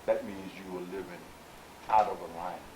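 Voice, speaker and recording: A man teaching as a spiritual leader before a live audience, emphatic, swinging from quiet asides to loud exhortation and speaking straight to his listeners. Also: sits low, steady tone, normal speed. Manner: conversational, addresses listeners directly. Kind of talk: preaching lecture with audience questions. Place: meeting room with live audience. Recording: echoey room, faint hiss.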